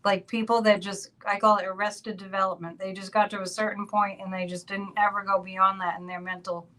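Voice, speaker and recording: Bright-voiced chatty woman podcast host. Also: medium pitch, little pitch movement, brisk, rough recording. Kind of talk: casual conversational podcast.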